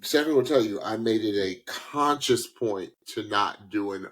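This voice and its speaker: A man's voice: lowish voice, moderate pace, fairly bright tone, rough recording. A man co-hosting a podcast, chatting casually in a put-on New York accent and drawing out his points. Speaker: podcast co-host. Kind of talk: casual reaction chat.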